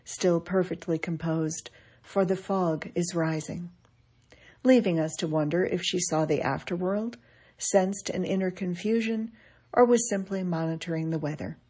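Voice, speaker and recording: A middle-aged woman reading a reflective essay aloud in a wry, measured way. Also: fairly low pitch, dark tone, slightly rough. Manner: wry, measured, quoting others with dry emphasis. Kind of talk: scripted reflective narration.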